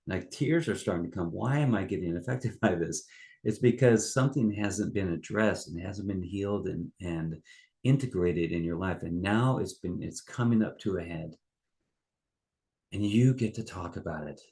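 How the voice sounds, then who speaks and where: Low-voiced man, rambling coaching talk. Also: gravelly, a little mellow. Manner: loose and rambling, many fillers and restarts. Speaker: life coach. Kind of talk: casual monologue.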